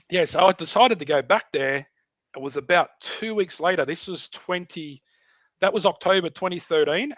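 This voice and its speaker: A man's voice: fairly high pitch, no echo, lo-fi sound. A middle-aged Australian man, a podcast guest, telling a story in casual chat and acting out voices and sounds. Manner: animated, acts out voices and sounds in his tale.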